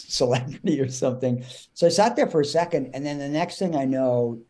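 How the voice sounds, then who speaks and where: A man hosting a casual chat, telling a lively backstage anecdote with frequent restarts and bits of acted-out dialogue. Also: medium pitch. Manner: animated storytelling with frequent restarts and quoted dialogue. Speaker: host and actor.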